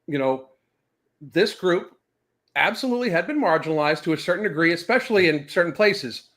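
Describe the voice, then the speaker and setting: Man, high lively voice, profane animated rant. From US South. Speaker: podcast host. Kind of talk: casual rant chat.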